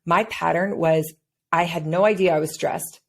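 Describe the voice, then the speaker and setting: Earnest lower-voiced woman host. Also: fairly even intonation, normal speed, vocal fry. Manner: earnest, personal storytelling. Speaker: podcast host, mother. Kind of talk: casual interview talk.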